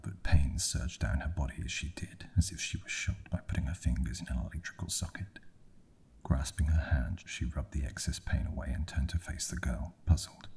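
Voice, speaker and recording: A man whispering a bedtime horror story in a slow, hushed ASMR reading. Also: very deep voice, gravelly, husky.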